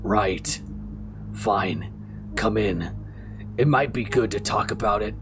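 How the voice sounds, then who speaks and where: Game role: suspicious old widow, played by a man, deep and clipped. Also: background noise. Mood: grudging. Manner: terse, guarded, low and slow. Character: wary, curt elderly widow woman. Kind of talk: voicing game dialogue.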